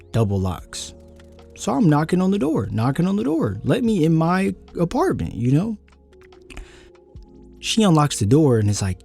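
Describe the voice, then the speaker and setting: A young man telling a personal story casually, his voice jumping high when he gets worked up. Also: husky. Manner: animated, voice jumps high when angry.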